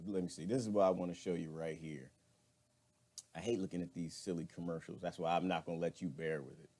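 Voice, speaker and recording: A man's voice: low-pitched, steady tone, fast, dark tone. A man hosting a casual live stream, chatting with viewers and laughing often.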